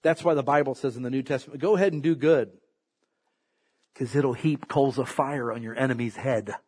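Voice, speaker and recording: A man preaching a sermon in an animated, emphatic way, swinging from loud high peaks to low asides. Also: brisk, husky.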